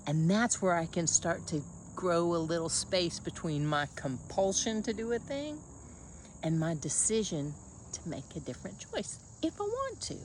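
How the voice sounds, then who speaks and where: A woman's voice: fairly low pitch, very animated, measured pace, a little mellow, slight background noise. A woman coaching in a casual motivational monologue, blunt and folksy, calling the listener honey.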